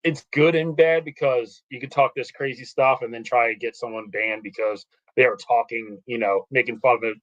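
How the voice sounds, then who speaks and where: A man's voice: mid-range voice, normal speed, hardly any pauses, highs cut off. A man in his thirties, a podcast guest, telling stories in a loose, rambling way with lots of fillers. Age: 30s. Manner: rambling, animated storytelling with many fillers. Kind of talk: casual podcast chat.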